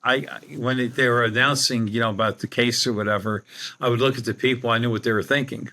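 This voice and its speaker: A man's voice: medium pitch, fairly even intonation, quick pace, bright, forceful tone. An older man, a podcast guest telling a rambling anecdote with many restarts. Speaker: guest, psychic medium. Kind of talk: storytelling in a podcast interview.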